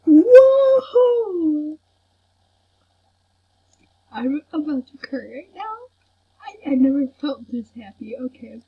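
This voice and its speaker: A young woman giving casual gameplay commentary, excitable and fawning over what she sees, in a soft, breathy voice. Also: high voice, normal speed. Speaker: gamer. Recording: dull lo-fi home recording.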